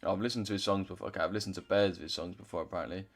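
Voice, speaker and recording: A man's voice: low-pitched, fairly even intonation, very fast, faint music behind. A young man chatting casually on a trading livestream, loose and chatty, swearing now and then as he reads out chat.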